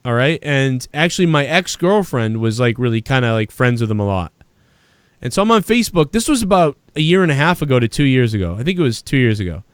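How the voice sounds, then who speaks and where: A man's voice: medium pitch, big pitch swings, fast, clean tone, no echo, studio quality. A man hosting a podcast, telling a long story in casual, profane, rambling talk. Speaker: podcast host. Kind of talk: casual chat.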